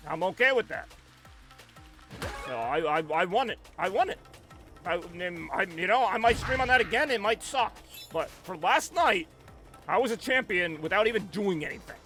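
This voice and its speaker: A man live-streaming from his home setup on a headset, chatting casually and rambling in an animated way, with a tone that sounds angry even when he is not. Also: high voice, normal speed, pauses often, soft background music.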